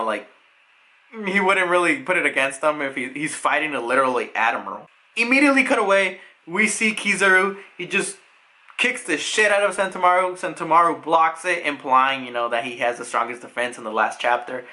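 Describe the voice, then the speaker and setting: A young man casually recapping a manga chapter in a loose, rambling way, with lots of fillers, breaking into excited paraphrased lines. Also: fairly high pitch. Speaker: manga reviewer.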